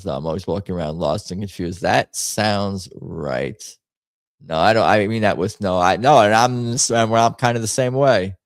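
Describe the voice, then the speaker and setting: Guy hosting a stream, kinda deep voice, rambly, thinks out loud, jokey. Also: no echo. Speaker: livestream host. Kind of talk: casual chat reacting to memes and viewer comments.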